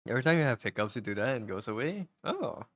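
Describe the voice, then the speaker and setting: A man's voice: medium pitch, very animated, very fast, a bit bright, no echo. A man chatting casually on a live stream while he draws, rambling and goofy, with hiccups.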